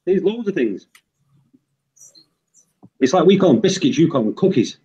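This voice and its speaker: British man, playful, bouncy high-ish voice. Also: big pitch swings, moderate pace, mellow, dull audio. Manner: playful, jokey. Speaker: chat participant. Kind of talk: casual group chat.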